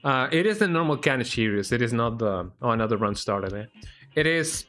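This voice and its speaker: Here a man's mid-range voice moves fairly quickly as he chats during a live gaming stream. He's relaxed and rambling, often finishing lines with "eh?".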